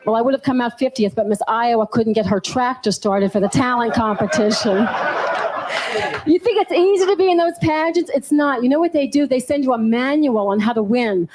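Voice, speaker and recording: A woman's voice: fairly high pitch, brisk, a little mellow. Southern woman doing stand-up, noisy recording. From New Orleans, USA. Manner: punchy joke delivery, laughing at her own lines. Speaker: stand-up comedian. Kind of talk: stand-up comedy set. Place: comedy club stage.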